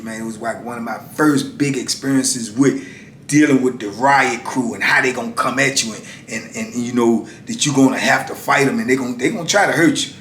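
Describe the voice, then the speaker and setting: Storyteller: middle-aged man, animated and slangy, echoey room, faint rumble. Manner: animated, acts out shouted exchanges, slangy and emphatic. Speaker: former prisoner telling his story. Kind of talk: casual storytelling.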